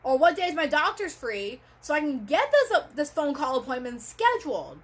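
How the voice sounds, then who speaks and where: A woman vlogging in a casual, rambling way, piling on fillers as she talks to her camera. Her voice sits high and light. It sounds like an ordinary home video recorded on the camera's own mic. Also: sing-song, moderate pace. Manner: chatty and rambling, full of fillers. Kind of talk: casual vlog monologue.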